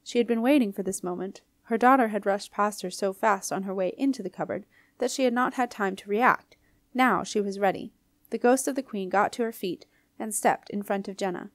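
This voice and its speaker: Female audiobook reader, expressive storytelling, mid pitch, very dry sound. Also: a little fast, no echo. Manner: clear, expressive reading. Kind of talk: storybook narration.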